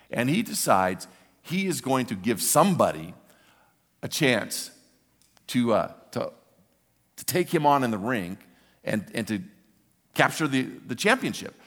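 Older pastor preaching in a reverberant hall. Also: male voice, medium pitch, creaky. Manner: animated storytelling, repeats words for emphasis. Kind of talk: sermon.

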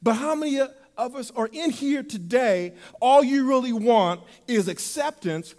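A male preacher with a high, ringing voice delivers a sermon. He talks animatedly, swinging between loud bursts and soft, intimate passages. His voice carries through a church hall with long reverb. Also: expressive, a little slow.

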